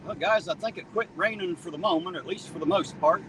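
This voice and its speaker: A man hosts a casual outdoor stream at night, reading viewers' messages, joking, and greeting them by name. His voice is high and a little fast. He's on a town street after rain, heard through a slightly distant mic with faint street noise in the background.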